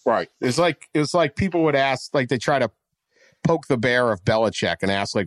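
A man's voice: medium pitch, fairly quick, no echo, clean studio sound. A man from West Virginia co-hosting a casual sports talk show, rambling and often correcting himself as he talks. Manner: rambling, self-correcting, animated. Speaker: podcast co-host.

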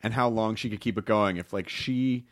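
A man's voice: on the low side, normal speed, no room sound, clean studio sound. A man hosting a podcast, asking playful, teasing questions in casual chat. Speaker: podcast host.

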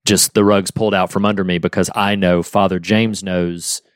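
A man's voice: deep voice, flat delivery, normal speed, clean tone, no echo, studio quality. A man co-hosting a podcast, talking earnestly and with feeling as he retells a film scene at length. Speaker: podcast co-host. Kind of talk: casual film discussion.

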